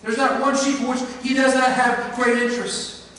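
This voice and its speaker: High-voiced preacher in an echoing sanctuary. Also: male voice, level tone, moderate pace, slight background noise. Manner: earnest storytelling preacher, swinging between emphatic and hushed. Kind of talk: sermon. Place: church sanctuary. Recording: echoey church hall, mic at a distance.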